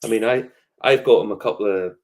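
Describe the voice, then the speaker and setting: A man's voice: fairly low pitch, a little fast. A man with a Northern Irish accent, a whiskey shop tour guide telling stories in casual chat, swearing freely. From Northern Ireland. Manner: animated storyteller, swears freely, acts out customers' voices.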